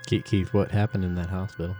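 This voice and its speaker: Loud, jokey man player. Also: deep voice, little pitch movement, fast talker, faint music behind. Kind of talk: in-character tabletop play.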